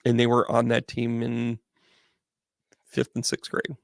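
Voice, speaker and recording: A man's voice: medium pitch, monotone, measured pace, gravelly, no room sound, studio quality. A middle-aged man, hosting and telling a rambling story in a chatty way, with frequent restarts. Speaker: host, medium. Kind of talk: casual storytelling to a live audience.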